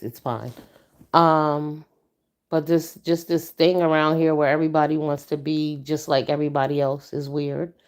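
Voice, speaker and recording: A woman hosting a casual livestream chat, blunt and stern, talking back to her viewers. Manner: blunt, profane and stern, with animated pitch jumps. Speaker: livestream host.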